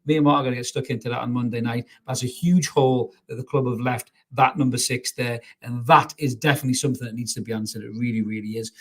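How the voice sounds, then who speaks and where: Angry fan-channel host, blunt, sweary live reaction voice. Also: male voice, mid-range voice, fairly even intonation, quick pace, few pauses. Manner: angry, blunt, swearing, reads out viewer comments. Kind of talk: live match reaction rant.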